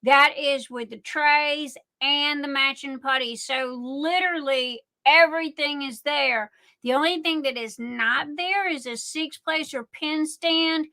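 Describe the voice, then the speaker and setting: A middle-aged woman with a Southern US accent chats her way through a live craft show, drawling slowly and leaning on fillers. Her voice sits high and sounds bright and sharp. She rambles loosely from one item to the next. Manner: rambling, chatty, many fillers. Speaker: livestream host selling crafts. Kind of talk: casual live-stream chat.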